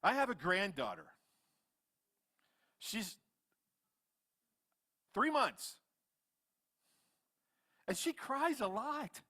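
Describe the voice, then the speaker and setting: A man in his fifties, a pastor preaching a sermon in church, swinging between loud animated retellings and quiet asides. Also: sits high, very slow, long pauses. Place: church sanctuary.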